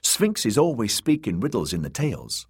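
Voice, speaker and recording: A man voicing an eager young man who asks quick questions. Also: lowish voice, sing-song, slightly rough, dry recording, clean studio sound, pitched above the performer's own voice, full character voice.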